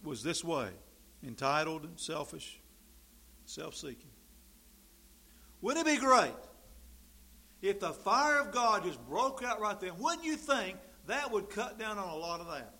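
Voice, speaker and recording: Male preacher, fiery sarcastic delivery, bright edgy tone with gravel. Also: sits high. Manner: animated, sarcastic, bursts from soft to loud. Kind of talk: sermon.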